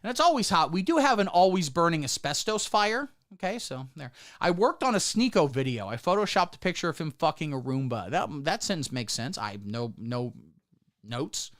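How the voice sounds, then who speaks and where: A man's voice: a little high, very animated, normal speed, a bit bright, no room sound, clean studio sound. A man hosting a comedic livestream from Ohio, talking in a rambling, irreverent, sarcastic way.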